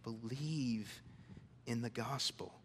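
A man preaching a sermon in a conversational, emphatic way, swinging from loud declarations to hushed, intimate lines. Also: medium pitch, slow pace, slight background noise. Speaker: pastor.

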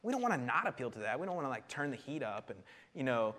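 Animated man preaching a sermon. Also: medium pitch, fast. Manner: animated, laughs often, repeats words. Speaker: pastor.

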